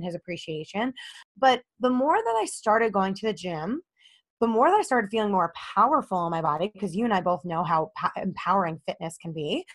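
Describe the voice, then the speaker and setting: A young adult woman talks as a podcast guest, telling her story with lively swings in her voice. She acts out quoted lines in a higher pitch and talks openly and personally. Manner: animated, acts out quoted dialogue with rising pitch. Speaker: podcast guest, relationship coach. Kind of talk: candid storytelling interview.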